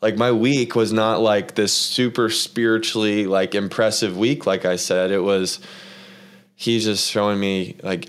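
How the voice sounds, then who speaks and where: A man's voice: on the low side, steady tone, a little slow, clean tone. A man hosting a casual faith-focused conversation, telling a long personal story in an earnest, rambling way with lots of fillers. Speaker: podcast host.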